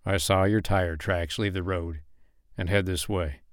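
Played by a man, a hulking outdoorsman speaks in a lowish, steady voice, answering in calm, clipped lines with a dry wit. The recording is close and dry. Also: unhurried, no echo. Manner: terse, calm, dry one-liners. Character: gruff, laconic big outdoorsman with a dry wit.

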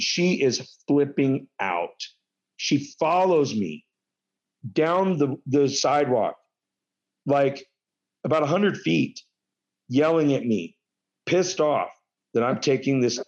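A man spins a comic anecdote in casual, profane talk. His voice leaps up and down with excitement. The recording sounds muffled. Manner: animated, profane, big pitch jumps. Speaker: storyteller.

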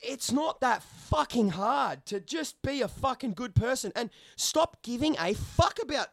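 A fired-up man with a fairly high voice, ranting in a casual podcast chat and swearing nearly every sentence. The sound is dry and close, with no room around him. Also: expressive, a little slow, creaky, a bit bright, no room sound. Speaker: podcast co-host.

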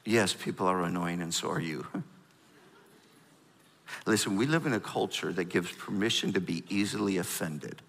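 A middle-aged man preaching a sermon, animated and storytelling, prompting the congregation. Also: sits low, normal speed, creaky, long pauses, big-room sound. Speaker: pastor.

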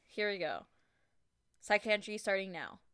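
A young woman vlogging a spooky ritual with a friend, talking casually and getting excitable and shrieky. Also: medium pitch, measured pace, clear, resonant tone, no echo. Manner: excitable, shrieks and laughs when scared.

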